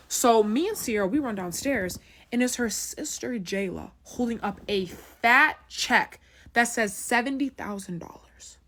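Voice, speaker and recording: A woman's voice: fairly high pitch, animated, measured pace, fairly bright tone. Brief: young woman, casual storyteller, chatty, keeps checking in with the listener. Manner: chatty, keeps asking "right?".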